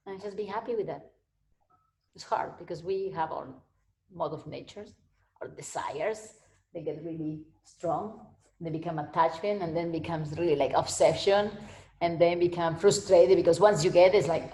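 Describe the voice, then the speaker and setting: A woman's voice: fairly low pitch, moderate pace, darkish tone. A woman giving a casual spiritual talk and answering questions, rambling and repeating herself, often laughing. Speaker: spiritual teacher. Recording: echoey room.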